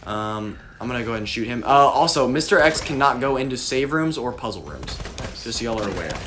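A man's voice: medium pitch, lively intonation, brisk, a bit bright. Young man explaining a game to friends. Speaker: gameplay commentator. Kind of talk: casual let's-play chat. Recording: faint background noise.

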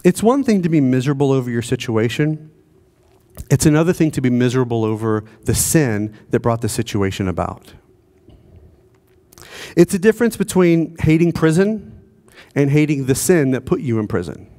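A pastor preaching a sermon in a conversational way, asking the congregation rhetorical questions. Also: male voice, medium pitch, expressive, normal speed, mellow. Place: church.

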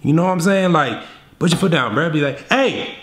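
A man's voice: fairly high pitch, a little fast, fairly bright tone. A man giving dating advice in a casual vlog, talking in a slangy, direct, street-casual way. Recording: roomy echo.

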